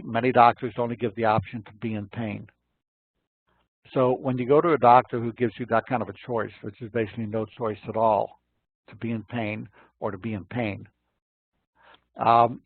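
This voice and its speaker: Male health-talk host, husky gravelly voice, folksy storyteller, dry phone-line sound. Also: medium pitch, no room sound. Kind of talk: informal health lecture with anecdotes.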